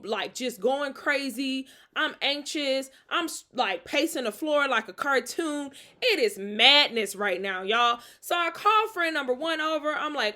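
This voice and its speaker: A woman tells a personal storytime tale in a casual, animated way, talking straight to her listeners. She laughs often through her telling. Her voice sits a touch high for a woman. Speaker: host.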